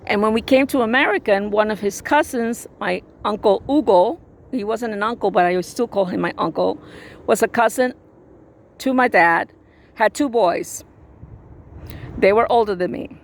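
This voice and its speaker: A woman's voice: mid-range voice, normal speed. Sassy, blunt woman telling a story. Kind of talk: casual storytelling.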